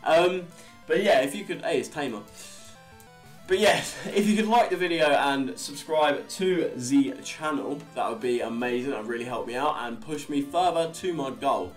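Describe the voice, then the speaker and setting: A man's voice: fairly high pitch, moderate pace. Chatty young man gaming. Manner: chatty, rambling, swears casually. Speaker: Let's Play host. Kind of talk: casual gameplay commentary. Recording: faint guitar music behind.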